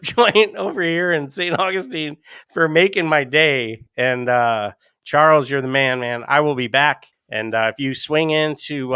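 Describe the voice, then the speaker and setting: Bright, crisp-voiced podcast co-host man. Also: mid-range voice, dry recording. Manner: storytelling, animated and laughing. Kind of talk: casual chat.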